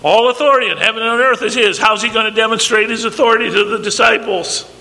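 Male preacher, high, very bright and forceful, emphatic delivery, reverberant hall. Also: fairly even intonation, quick pace, creaky. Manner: emphatic, acts out quoted dialogue. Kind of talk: sermon. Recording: long reverb, faint background noise.

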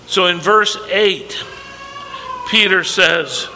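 A man's voice: sits high, lively intonation, measured pace, sharp tone, soft background music. A man preaching a sermon, emphatic, acting out quoted lines from scripture. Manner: emphatic, acts out quoted dialogue. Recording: long reverb, faint background noise.

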